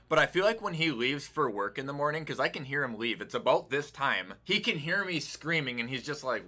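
A young man giving casual, excitable commentary over a football video game, swearing and yelling at the plays as he goes. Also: mid-range voice. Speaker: gaming YouTuber.

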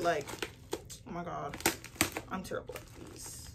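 A young woman in a casual home vlog, talking straight to her phone while she packs orders. She tells her story in a chatty, animated way, full of "like", with faint crinkling of mailers and tape behind her. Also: sits low, unhurried, gravelly, pauses often, distant mic, a little hiss or hum. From Nigerian heritage. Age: young adult. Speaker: small business owner vlogger. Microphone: phone camera.

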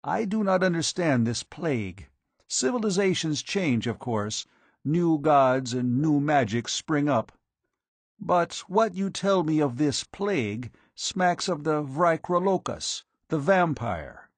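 Male reader as hearty giant warrior, booming, slow, dry. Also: very animated, no room sound, heavily acted. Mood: musing. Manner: booming, declaiming. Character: huge boastful ancient warrior, gruff and hearty.

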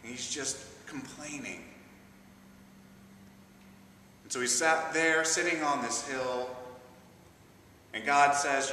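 A man preaches in a chatty, joking storytelling manner with a bright, sharp voice. The sound is very echoey with a long church reverb, taken from a distance with faint ambience behind. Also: medium pitch, lively intonation, a little slow, long pauses, a little hiss or hum. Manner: conversational, humorous storytelling. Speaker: assistant pastor. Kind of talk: sermon. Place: large church.

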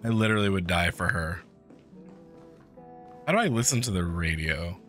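A man's voice: low voice, lively intonation, normal speed, fairly bright tone, faint music behind. A man streaming a video game in a casual, sarcastic way, swearing and joking as he reacts to what happens. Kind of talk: casual gameplay commentary.

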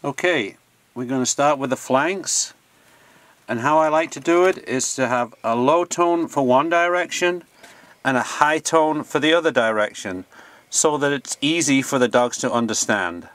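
A man, a sheepdog trainer, giving a plain, practical and unhurried instructional demonstration. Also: mid-range voice, a bit bright, no echo.

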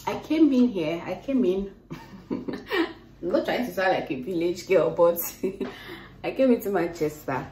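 A woman's voice: on the low side, lively intonation, a little slow, dark tone, slight background noise. A woman, chatting casually and laughing often in a vlog recorded on her phone. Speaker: vlogger. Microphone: phone held while vlogging.

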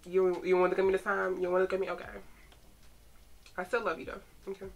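A young woman chatting casually as she reacts to photos, excitable and teasing, talking straight to the pictures. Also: lowish voice, fast talker, creaky. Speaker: fan vlogger reacting to photos.

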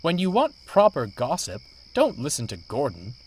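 A man's voice: a little high, huge pitch swings, moderate pace, a little mellow, husky, voice pushed up, exaggerated voice. A man voicing a cheeky, chatty little male tank engine. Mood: amused. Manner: chatty, knowing. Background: music.

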